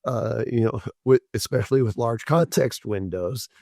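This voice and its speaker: A man with a mellow, warm voice, musing thoughtfully as a show co-host. He speaks at a measured pace with small hesitations. The sound is dry and close. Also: mid-range voice, no room sound. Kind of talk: casual chat.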